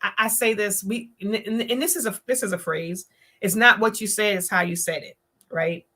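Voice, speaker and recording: Pushed and bright, a woman's mid-range voice comes at normal speed as she hosts a live-streamed talk show. She's emphatic and preachy, frequently performing quotes in different voices.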